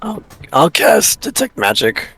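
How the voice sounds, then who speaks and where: A man playing a tabletop game with a hoarse, worn-out voice, halting and clearing his throat often. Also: mid-range voice, wildly swooping pitch, pushed and bright, soft background music. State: hoarse, has lost his voice. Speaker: player. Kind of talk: casual tabletop play.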